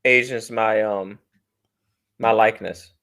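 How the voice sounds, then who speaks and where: With a lowish voice, a slow pace, and some vocal fry, this man co-hosts a podcast full of casual banter. He's lively, jokes around, and laughs easily.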